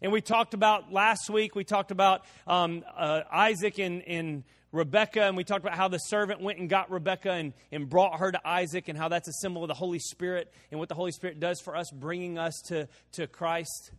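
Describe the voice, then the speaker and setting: A man preaching a sermon, telling a homespun story with repeated words and slow, drawn-out emphasis. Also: sits high, steady tone, a bit bright, big-room sound. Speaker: pastor.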